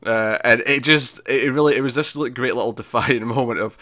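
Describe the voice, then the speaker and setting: A man's voice: mid-range voice, a little fast, sharp tone, no room sound, clean studio sound. A man co-hosting a casual TV review chat, recapping scenes animatedly with frequent laughs and restarts. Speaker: podcast co-host reviewing a TV episode.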